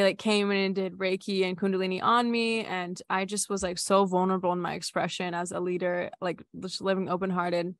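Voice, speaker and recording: A woman's voice: mid-range voice, no echo. Candid young woman, dry close sound. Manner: candid, filler-heavy with frequent "like", swears casually. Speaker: retreat facilitator. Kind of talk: casual personal storytelling.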